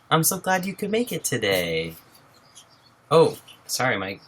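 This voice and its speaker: A young man livestreams from home at a wobbly table, speaking into a laptop mic in a mid-range, slightly bright voice with a breathy edge. He's bubbly and sing-song, a little slow with frequent pauses, greeting viewers by name and laughing often.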